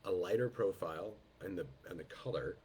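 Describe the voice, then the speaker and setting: Deep-voiced man with a head cold. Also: a little mellow, slight background noise. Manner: unhurried, descriptive, greets guests by name. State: head cold, voice lowered in the throat. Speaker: wine tasting host. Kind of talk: live online wine tasting. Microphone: video call.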